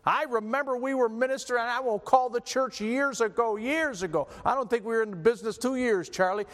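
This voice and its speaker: A man's voice: very high-pitched, fairly quick, a bit bright. Preaching man in a reverberant hall. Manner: emphatic, repetitive, restarts often. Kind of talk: sermon.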